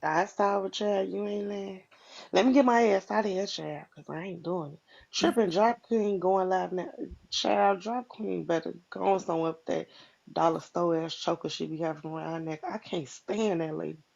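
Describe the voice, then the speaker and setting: Blunt, profane woman with a gravelly voice, live chat gossip, muffled lo-fi stream sound. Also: on the low side, moderate pace, a little mellow. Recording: dull lo-fi live stream audio.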